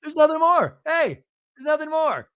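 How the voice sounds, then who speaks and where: A man's voice: very high voice, big pitch swings, normal speed, dry recording, pitched above the performer's own voice, full character voice. Man doing a bossy, triumphant older guy. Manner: shouting in clipped bursts.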